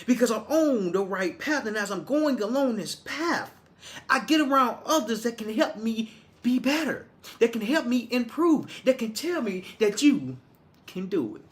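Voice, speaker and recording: A man's voice: very high-pitched, animated, normal speed. A man from Arkansas, giving a motivational monologue in a preachy, repetitive way with many restarts. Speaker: motivational speaker.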